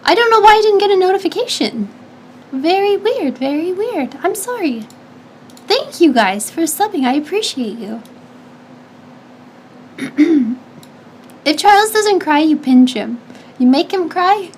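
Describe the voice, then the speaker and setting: Young female streamer, high-pitched, chatty and giggly, rambles through viewer questions with frequent restarts. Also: very animated, a little slow, pauses often, slight background noise. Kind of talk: casual stream chat reading viewer questions.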